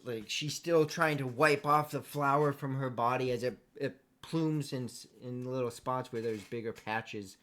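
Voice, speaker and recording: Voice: medium pitch, unhurried, hardly any pauses, a bit bright. A game master narrating a tabletop game in an easygoing way, with many fillers.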